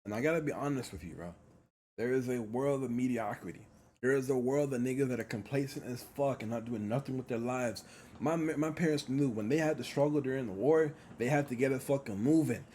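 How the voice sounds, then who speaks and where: A man's voice: medium pitch, a little fast, mellow, a little hiss or hum. A young man in a blunt, heated motivational rant on his vlog, swearing constantly and repeating himself for emphasis. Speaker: vlogger.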